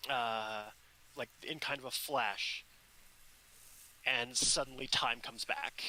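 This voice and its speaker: A man narrating a tabletop role-playing game as dungeon master, unhurried and full of fillers. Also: medium pitch, steady tone, sharp tone, poor audio.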